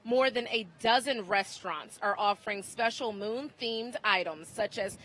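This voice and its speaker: An upbeat woman presents a news feature, leaning hard on key words as she steers the interview. Her tone is bright and clear. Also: on the high side, normal speed, poor audio. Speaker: news host.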